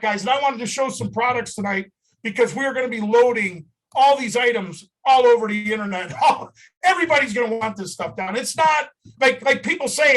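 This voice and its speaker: A company owner talking on a live video call, emotional and fired up, shouting and repeating himself for emphasis. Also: male voice, extremely high pitch, low-quality recording. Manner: shouting, emotional, punchy repetition.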